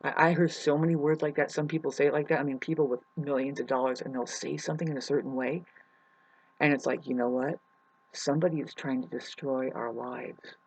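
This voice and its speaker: Talking to camera, a spiritual vlogger rambles through a monologue full of restarts, breaking into sudden loud, mocking outbursts and swearing casually. The voice is medium-pitched and steady in tone, brisk, with a breathy edge. The recording is rough.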